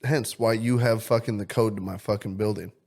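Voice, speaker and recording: A young man with a fairly low voice trades crude, profanity-laced jokes with a friend on a casual podcast. He talks loosely and confidently, like he's holding court. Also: steady tone, brisk, gravelly. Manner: loud, crude, joking, swears constantly. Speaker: podcast co-host.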